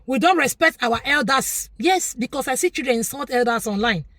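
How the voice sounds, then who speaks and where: A woman's voice: sits high, animated, normal speed, fairly bright tone, dry recording, studio quality. A Nigerian woman vlogger giving an opinionated, preachy commentary, repeating her points for emphasis.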